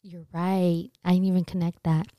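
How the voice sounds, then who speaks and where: A young woman hosting a casual chat, telling a story in an animated way, swearing freely and jumping high in pitch when she acts out her screams. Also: normal speed, no room sound, clean studio sound. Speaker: podcast host telling a story.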